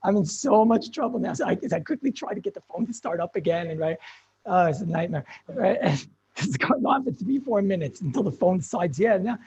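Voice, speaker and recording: A man, a rabbi, telling a story in an animated, self-mocking way, with frequent laughs and Hebrew and Yiddish learning terms mixed in. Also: high voice, a little fast, breathy edge. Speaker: rabbi giving a chizuk talk. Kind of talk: storytelling sermon. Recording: dull lo-fi recording.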